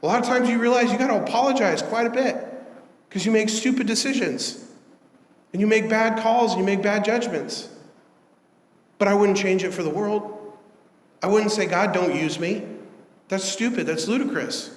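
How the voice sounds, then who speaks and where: A man's voice: high-pitched, normal speed, long pauses. Male pastor, conversational but earnest preaching, roomy church echo. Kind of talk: sermon. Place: church sanctuary. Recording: echoey church hall.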